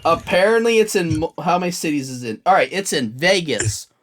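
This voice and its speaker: A man's voice: on the high side, sing-song, a little fast, fairly bright tone. A man co-hosting a podcast, chatting casually and rambling through a long list he is looking up. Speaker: podcast co-host. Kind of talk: casual chat.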